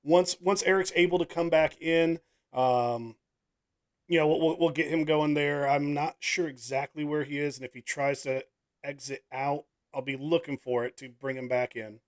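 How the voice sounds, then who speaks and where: A man's voice: fairly high pitch, steady tone, normal speed. Chatty man hosting a live draft. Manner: casual, self-deprecating, laughs often. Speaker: podcast host and league commissioner. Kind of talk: live draft stream chat. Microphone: online video call.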